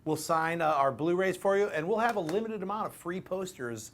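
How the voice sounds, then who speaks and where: A loose, jokey male co-host with a fairly high voice, chatting casually on a live stream. He keeps things relaxed as he hands the talk over to his guests. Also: fairly quick. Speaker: show co-host.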